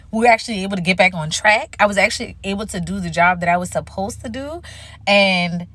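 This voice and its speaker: A woman's voice: lowish voice, fairly bright tone. A woman casually telling the story of her career, acting out quoted dialogue with big jumps in her voice.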